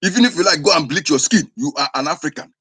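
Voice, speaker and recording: A man's voice: fairly high pitch, expressive, fast talker, fairly bright tone, breathy edge. A man with an Igbo accent, a traditional spiritual teacher preaching in a scolding, insistent way, often restarting his words. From southeastern Nigeria. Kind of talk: impassioned preaching to camera.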